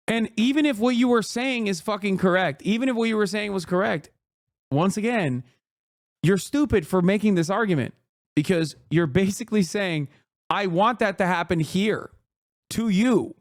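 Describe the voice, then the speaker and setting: A man streaming live and reacting in a profane, heated, sarcastic rant. His voice sits a little high for a man. The sound is dry and close, with no room around it. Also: no room sound. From Turkey.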